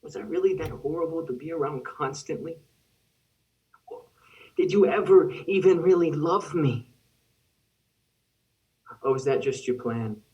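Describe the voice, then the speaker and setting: A young man acting out a heartbroken young man who turns on the lover who broke him. His voice is high for a man and anguished, and he sounds set back from the mic on a video call. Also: measured pace, long pauses, a little mellow, far from the mic, highs cut off, close to an everyday voice. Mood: bitter. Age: young adult. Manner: bitter, anguished. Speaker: student actor. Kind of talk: dramatic monologue.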